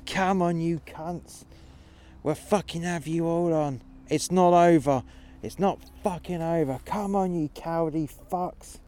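A man voicing a brave, furious old male warrior who shouts curse-filled taunts at an enemy army. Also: a little high, slow pace, few pauses, pitched above the performer's own voice. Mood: defiant. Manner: shouting taunts with heavy swearing.

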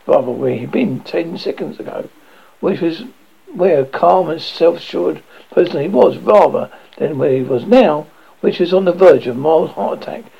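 A man reads a comic novel aloud with a lively, expressive delivery. His voice is gravelly and husky and moves through a wide range of pitch. The recording sounds dull and lo-fi. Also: moderate pace. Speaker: audiobook narrator. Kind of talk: novel reading.

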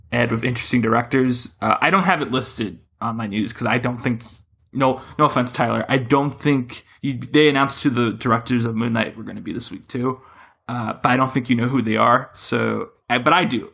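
A man hosting a casual podcast chat, rambling and correcting himself as he talks with animated shifts. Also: mid-range voice, gravelly. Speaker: podcast host.

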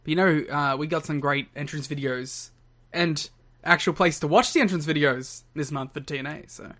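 A man's voice: fairly high pitch, normal speed, pushed and bright. A man co-hosting a podcast, talking in a rambling casual way and laughing often. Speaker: podcast co-host. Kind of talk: casual chat.

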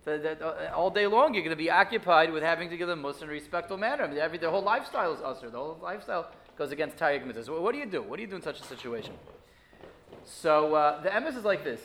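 A man giving a Torah class, lively and full of rhetorical questions, often restarting his sentences. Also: fairly high pitch, rapid-fire. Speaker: rabbi teaching a weekly class.

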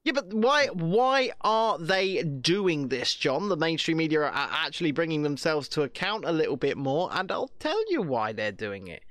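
A male podcast co-host rants in a swearing, repetitive way. His pitch swings widely, and the sound is dry and close to the mic. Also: very animated, moderate pace, few pauses, fairly bright tone, dry recording. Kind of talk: sweary political rant chat.

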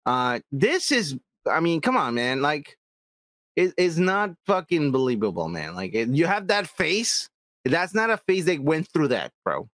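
A man's voice: fairly high pitch, big pitch swings, unhurried, a bit bright, dry recording. A man co-hosting a podcast in casual chat, emphatic and swearing heavily as he argues his point. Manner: emphatic, heavy swearing, repeats "come on, man". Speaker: podcast co-host.

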